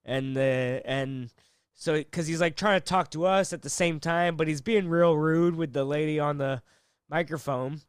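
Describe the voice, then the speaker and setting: A comedian telling a rambling road story in casual chat, full of fillers and acted-out quotes. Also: male voice, on the high side, normal speed, clear, resonant tone, dry recording, studio quality.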